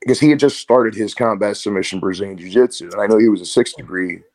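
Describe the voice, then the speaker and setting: A martial arts coach with a lowish voice talks at a quick pace as a casual interview guest. He tells stories animatedly, slipping into quoted voices.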